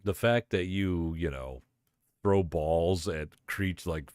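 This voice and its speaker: A man co-hosting a casual podcast, chiming in with quick jokes and silly voices. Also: deep voice, darkish tone, smooth, dry recording, studio quality. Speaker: podcast co-host. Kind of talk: casual chat.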